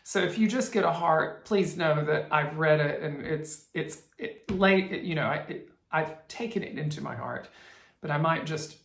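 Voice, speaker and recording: Low-voiced woman rambling on her stitching vlog, lots of restarts, echoey room. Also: normal speed, gravelly. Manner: chatty and rambling, with many restarts and fillers. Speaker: cross-stitch vlogger. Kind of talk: casual chat to camera. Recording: roomy echo.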